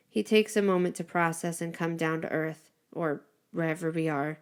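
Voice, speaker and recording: A woman reading a first-person story aloud with an expressive, dramatic delivery. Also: sits low, moderate pace, hardly any pauses, clear, resonant tone.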